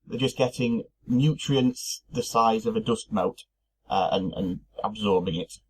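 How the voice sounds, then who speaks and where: A man's voice: on the low side, unhurried, husky, rough recording. A man co-hosting a podcast, thinking aloud casually with fillers and restarts. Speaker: podcast co-host. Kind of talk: casual chat.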